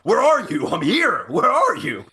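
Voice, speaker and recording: A man voicing an abrasive, rushed man phoning a shop to sell his cards, talking quick and loud. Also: high-pitched, huge pitch swings, voice pushed up, exaggerated voice. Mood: pushy.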